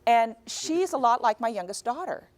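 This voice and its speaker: A woman in her forties, a guest speaker talking to a high school class in a classroom. She tells stories lively and acts out the dialogue. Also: normal speed. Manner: animated storyteller, acts out dialogue.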